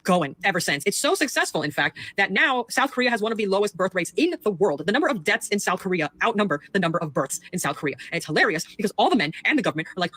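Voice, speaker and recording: A woman social media creator explaining a topic in a short video, talking rapidly and animatedly. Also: mid-range voice, very animated, a bit bright, no echo.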